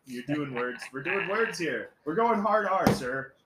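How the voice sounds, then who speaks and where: A man's voice: on the high side, animated, measured pace. A young man co-hosting a podcast, telling rambling stories in casual crude chat, swearing a lot and laughing. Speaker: podcast co-host. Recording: echoey room with faint background noise.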